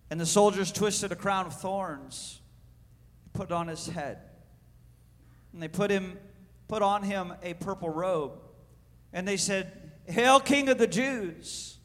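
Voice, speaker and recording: A man preaching a sermon and reading scripture aloud, swinging between shouted proclamation and hushed, slow reading. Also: sits high, long reverb tail.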